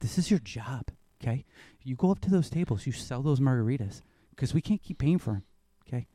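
Man, casual chat, rambling storyteller, swears freely, mid pitch, dry close sound. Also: lively intonation, brisk, warm tone, dry recording.

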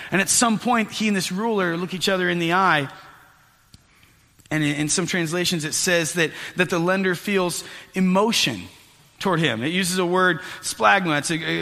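A man preaching a sermon as pastor, telling a story in an animated way with voiced asides. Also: high voice. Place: church sanctuary. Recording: echoey hall with long reverb.

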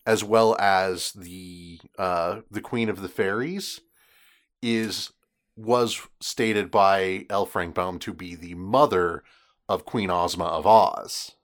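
A man co-hosting a casual podcast, sharing background trivia in a relaxed way. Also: low-pitched, takes it slowly. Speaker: podcast co-host.

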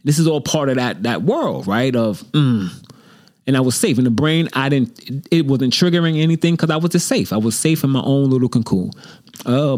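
A man at home talks into a desk mic, hosting his own show in a loose, rambling way. He pokes fun at himself and sometimes drops into a low mutter to play the doubting voice in his head. His voice sits in the middle of the usual range for a man. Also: darkish tone. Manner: rambling, self-deprecating, acts out his inner critic in a low muttering voice. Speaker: host. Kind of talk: casual solo monologue. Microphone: desk microphone.

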